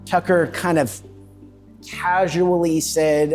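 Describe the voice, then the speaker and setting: A slightly high-pitched man conducts a relaxed interview inside an office, quick with eager affirmations. Soft music sits faintly under his voice. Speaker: host, mortgage loan officer. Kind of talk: casual interview. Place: inside a real estate office.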